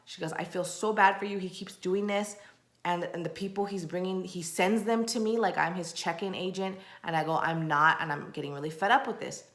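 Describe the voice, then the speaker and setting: A woman vlogger telling a story in a casual, animated way, acting out the people she quotes and ranting in exasperation. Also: fairly low pitch, a little fast, echoey room. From Texas.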